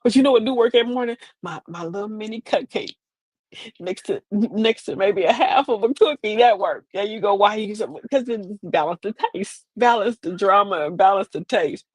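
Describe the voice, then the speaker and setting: A woman, talking in a chatty, sassy way that rambles and circles back on her own phrases. Her voice sits at an ordinary middle pitch. The sound is dry and close, with no room around it. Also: expressive, normal speed, darkish tone, slightly rough, dry recording. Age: 50s. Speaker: streaming show host. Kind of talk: casual comedic monologue.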